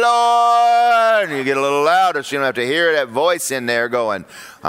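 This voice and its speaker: A man preaching a sermon in a church, animated and acting out voices of churchgoers. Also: medium pitch, clear, resonant tone. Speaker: pastor.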